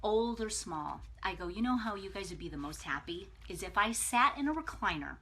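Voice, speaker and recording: A woman's voice: medium pitch, moderate pace, a little hiss or hum. A woman hosting a live video, giving a casual, emphatic pep talk and checking in with viewers. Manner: energetic and emphatic, chatty, with frequent "okay?".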